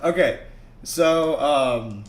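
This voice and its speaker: Young male streamer, high bright voice, excitable and joking, echoey room sound. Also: extremely slow. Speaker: streamer and co-host. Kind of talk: casual livestream chat.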